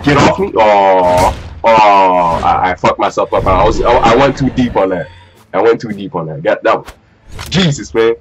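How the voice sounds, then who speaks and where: A man's voice: fairly low pitch, a little slow, background noise. A young man giving live commentary while playing a ranked fighting game, swearing, trash-talking and repeating his phrases. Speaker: gamer. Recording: faint game music behind.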